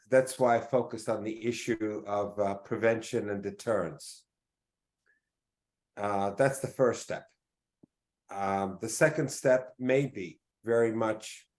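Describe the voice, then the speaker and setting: A middle-aged man giving a formal press conference statement, measured and deliberate, pausing often on fillers. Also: lowish voice, steady tone, a little mellow.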